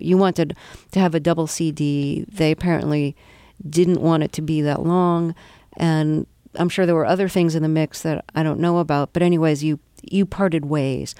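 Smooth dry-voiced woman interviewer. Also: low voice, mellow, no room sound. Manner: conversational, probing questions. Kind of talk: broadcast interview.

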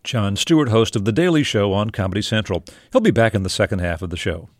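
A man hosting a radio interview show, who introduces segments and asks his guest questions in a measured, conversational way. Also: fairly low pitch, expressive, no room sound, clean studio sound. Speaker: radio host.

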